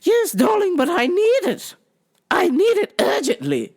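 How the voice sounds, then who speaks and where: A woman's voice: wildly swooping pitch, unhurried, darkish tone, exaggerated voice. A woman voicing a haughty older woman customer who puts on a phony English accent, calling everyone darling. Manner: high, shrill, fussy, calls everyone darling.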